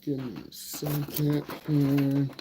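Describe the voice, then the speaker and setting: A man teaching driving on a live online Q&A, lively and joking, acting out parents as he talks. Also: a little high, slow pace, noisy background. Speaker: driving instructor.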